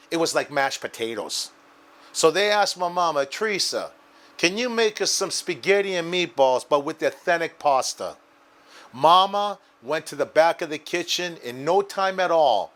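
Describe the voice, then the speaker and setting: A man hosts a cooking show with eager, chatty enthusiasm, talking straight to the viewers. His voice sits a little high. He shifts easily between recipe steps and storytelling. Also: fairly bright tone. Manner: enthusiastic, addresses viewers as guys. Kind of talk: cooking demonstration and anecdote.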